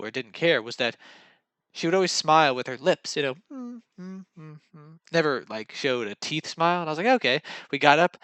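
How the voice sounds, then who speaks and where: A vlogger, a young man, tells casual dating anecdotes in a loose, self-deprecating monologue and acts out people's lines. He speaks at medium pitch with a sharp yet clean tone, and there's no echo.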